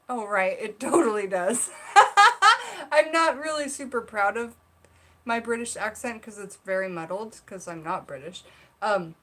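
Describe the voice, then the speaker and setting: A woman's voice: medium pitch, pushed and bright. Female livestream host from South Carolina, chatty, reads viewer comments aloud, recorded in her bedroom. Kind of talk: casual livestream chat. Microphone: seated at own camera.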